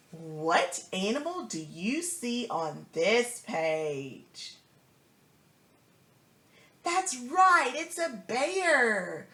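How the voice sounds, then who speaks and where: A woman reading a picture book aloud to a young child, slow and sing-song, stopping to ask questions and praise the answers. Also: fairly high pitch, big pitch swings, pushed and bright, echoey room. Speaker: storybook reader.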